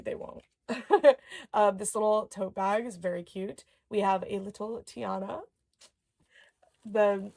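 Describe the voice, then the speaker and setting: A young adult woman chatting casually as she unboxes dolls and toys, excitable, with gasps and soft murmured asides. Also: mid-range voice, gravelly. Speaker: doll collector YouTuber.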